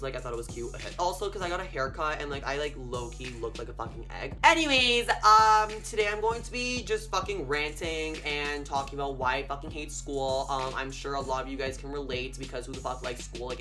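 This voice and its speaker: A young man in his teens ranting to camera in a casual vlog, sassy and profane, swinging between loud outbursts and low mutters. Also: expressive, fairly quick, soft background music. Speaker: vlogger.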